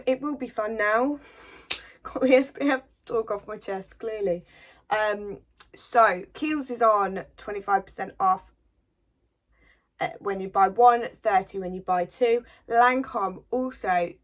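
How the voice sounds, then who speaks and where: Chatty woman from the English Midlands. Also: mid-range voice. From English Midlands, near Birmingham. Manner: chatty and rambling, talks to viewers like a friend. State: slight cold coming on. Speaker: beauty vlogger. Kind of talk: chatty get-ready-with-me makeup vlog.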